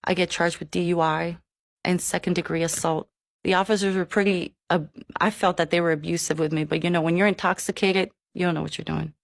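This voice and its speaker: A woman telling her personal conversion testimony, earnest and emotional, with halting restarts. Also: on the low side, steady tone, vocal fry, no room sound, clean studio sound. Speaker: person giving a faith testimony.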